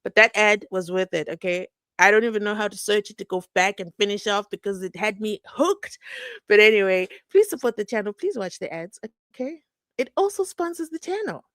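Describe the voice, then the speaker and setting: A young South African woman with a South African accent, hosting a live stream in a chatty, animated way and acting out the people she quotes. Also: mid-range voice, a little fast, no room sound. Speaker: host. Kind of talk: casual live-stream commentary.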